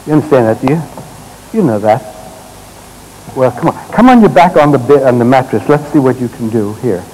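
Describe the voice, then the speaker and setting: A man leading a live therapy demonstration on a stage, giving gentle, directive instructions in short commands and explaining to the audience as he works. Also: medium pitch, animated, a little fast, husky, rough recording. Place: stage at a congress.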